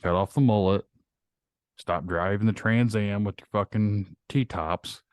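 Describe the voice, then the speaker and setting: Blunt, profane man ranting in a low voice. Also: measured pace, a little mellow, smooth, dry recording, studio quality. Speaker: podcast host. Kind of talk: casual ranting chat.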